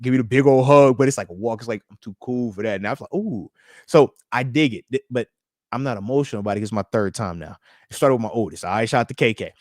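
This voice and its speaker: A man's voice: mid-range voice, quick pace, a little mellow, no room sound, studio quality. A man in his thirties from the United States hosting a live stream, chatting loosely and reading out viewer comments with slangy hype. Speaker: podcast host.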